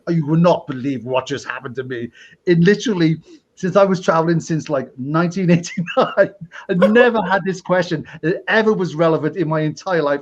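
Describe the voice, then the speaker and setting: A middle-aged man from Wales with a Welsh accent, a podcast host chatting casually and telling lively stories. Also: fairly high pitch, dull audio. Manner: animated storyteller, acts out quoted people. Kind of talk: casual chat.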